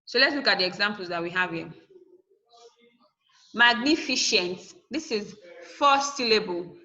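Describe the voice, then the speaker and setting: Woman teacher, bright voice, firm, slightly high, video call lesson. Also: moderate pace, lo-fi sound. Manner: firm, instructive, spelling out endings letter by letter. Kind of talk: online class lesson.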